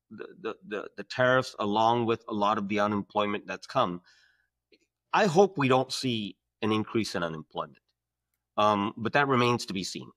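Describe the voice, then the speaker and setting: A man's voice: on the low side, a bit bright, dry recording. A man joining a casual podcast chat by video call from his office, hesitant and repeating words before making a point. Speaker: podcast guest. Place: home office.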